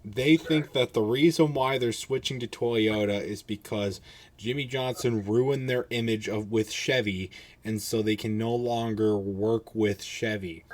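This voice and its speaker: A man with a lowish voice speaks a little slowly as he hosts a casual podcast. He sounds tired and yawns, rambling, swearing freely and restarting his sentences.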